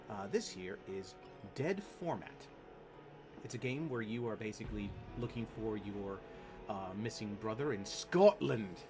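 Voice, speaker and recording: A young man streaming a horror game, chatting casually in a rambling, jokey, self-deprecating way. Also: mid-range voice. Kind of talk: casual let's play commentary.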